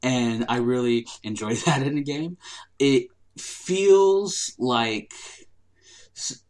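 Amused male guest, unhurried, mid-pitched, casual chat. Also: darkish tone. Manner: enthusiastic, amused. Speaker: podcast guest.

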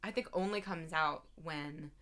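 A young woman from the Baltimore area, USA, co-hosts a podcast, chatting casually with frequent fillers and laughs. She has a low voice and a fairly bright tone, and she's unhurried.

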